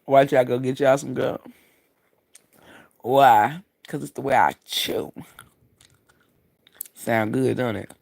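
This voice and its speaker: A man's voice: medium pitch, fairly even intonation, takes it slowly, vocal fry, long pauses, a little mellow. Blunt, profane man on a livestream. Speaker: livestream host. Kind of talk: casual livestream chat.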